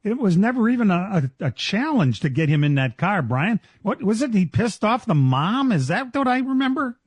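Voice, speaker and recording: A man hosting a racing talk radio show, chatting casually and excitedly with frequent laughs and restarts. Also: high voice, normal speed, breathy edge, no echo.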